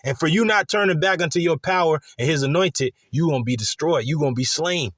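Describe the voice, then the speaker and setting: A man's voice: fairly high pitch, fairly quick, a bit bright, no room sound, studio quality. Crude, heated street preacher man. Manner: blunt, crude and heated, with many fillers. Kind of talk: profane street-style scripture teaching.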